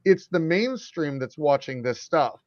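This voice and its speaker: A middle-aged man co-hosting a podcast, talking casually in animated bursts and going on a passionate rant. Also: on the high side, no room sound. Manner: animated, ranting, quick bursts. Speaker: podcast co-host. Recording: dry, slightly dull audio.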